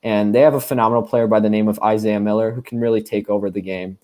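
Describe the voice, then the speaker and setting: A young man breaks down basketball matchups in a somewhat low voice. He talks emphatically, weighing teams against each other. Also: steady tone, fast talker, warm tone. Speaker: panelist. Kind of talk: casual sports analysis.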